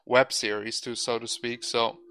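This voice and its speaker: A man with a bright, clear voice hosting a casual podcast. He rambles through opinions, restarts his sentences, and swears offhandedly. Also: medium pitch, level tone, normal speed, poor audio. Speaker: podcast host. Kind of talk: casual chat.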